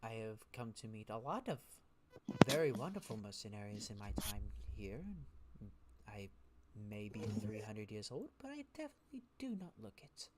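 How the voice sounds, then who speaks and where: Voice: medium pitch, sing-song, moderate pace, very noisy, voice pushed down, close to an everyday voice. A game master doing a poised elf huntress.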